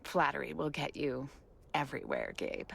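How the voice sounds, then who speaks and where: An actress playing a practical TV segment producer who speaks in a calm, dryly teasing way. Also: female voice, very deep voice, normal speed, gravelly, noisy background, heavily acted. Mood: wry.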